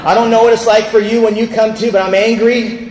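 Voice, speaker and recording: A man's voice: high-pitched, little pitch movement, brisk, darkish tone, slight background noise. Candid man sharing his recovery story in an echoey hall. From California. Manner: candid storytelling, acts out quoted voices. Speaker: recovery speaker. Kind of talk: personal recovery talk at a convention. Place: large convention hall. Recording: echoey hall with long reverb.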